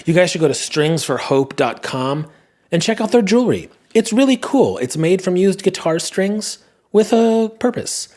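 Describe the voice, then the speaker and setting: A man's voice: high voice, expressive, normal speed, a little mellow. Guy in his 30s just rambling on his podcast, chatty, keeps second-guessing himself. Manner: rambling, self-questioning, chatty. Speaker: podcast host and comedian. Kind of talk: casual monologue.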